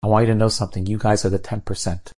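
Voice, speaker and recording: A calm, seasoned air traffic controller, put on by a man telling a story talks in a low, warm, slightly husky voice. He gives firm, measured instructions and never sounds rushed. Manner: steady, measured, reassuring instructions.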